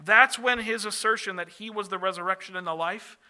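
High, bright-voiced male pastor preaching. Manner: earnest, slows and drops softly on key phrases. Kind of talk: sermon.

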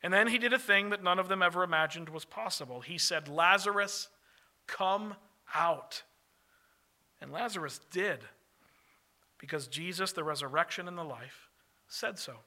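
Preaching with earnest conviction, this pastor has a high and remarkably bright voice. When he reaches a key phrase, he tends to slow and let his voice fall soft and quiet.

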